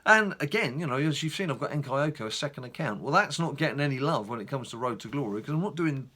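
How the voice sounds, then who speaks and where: A middle-aged man from England, chatting casually in a rambling, animated way on his gaming vlog. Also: medium pitch, fast talker, husky. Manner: animated storyteller, rambling asides. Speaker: gaming YouTuber.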